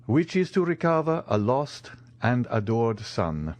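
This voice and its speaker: Male reader playing a courteous, commanding count: smooth, measured, lively in inflection, dry close sound. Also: mid-range voice, no echo.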